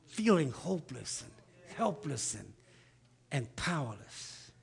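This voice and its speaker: A man preaching a sermon, building rhythmic repeated lines up to loud shouts and then falling back to a quiet, reflective tone. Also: fairly high pitch, animated, a little slow, slightly rough. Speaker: pastor.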